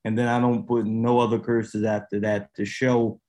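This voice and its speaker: A man's voice: fairly low pitch, flat delivery, normal speed, dark tone. A man co-hosting a podcast in casual chat, challenging others with pointed questions. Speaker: podcast co-host.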